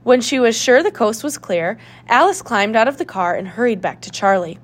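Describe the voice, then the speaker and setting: A woman narrating a children's mystery audiobook with clear, steady storytelling. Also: fairly high pitch, moderate pace.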